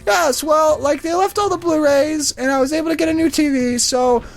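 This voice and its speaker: A man voicing a flustered, chatty elderly woman phoning a store for help, talking in a high, wavering, repetitive ramble. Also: normal speed, gravelly. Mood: rambling.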